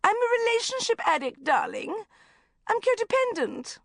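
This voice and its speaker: A woman voicing a theatrical, self-dramatizing middle-aged mother who gushes and drops into breathy whispers. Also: extremely high pitch, very animated, normal speed, no echo, clean studio sound, voice pushed up, heavily acted. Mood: histrionic. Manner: histrionic, gushing, swinging into breathy whispers.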